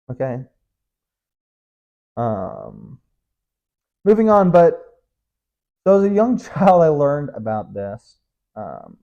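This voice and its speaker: A man's voice: mid-range voice, warm tone, muffled recording. A young man hosting his own podcast alone, talking in a rambling, joking, self-mocking way. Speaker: podcast host. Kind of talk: casual solo monologue.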